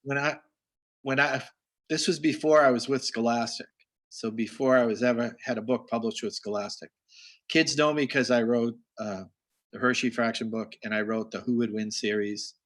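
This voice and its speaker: Male host, mid-pitched, rambling anecdotes, video call audio. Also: a bit bright. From Massachusetts. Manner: rambling storyteller, restarts often. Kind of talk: casual video call chat.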